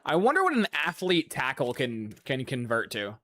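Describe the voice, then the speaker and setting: Male streamer, mid-pitched, swearing and joking through gameplay. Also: huge pitch swings, moderate pace, a bit bright. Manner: profane, chatty, sarcastic. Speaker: gaming streamer. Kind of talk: casual gameplay commentary.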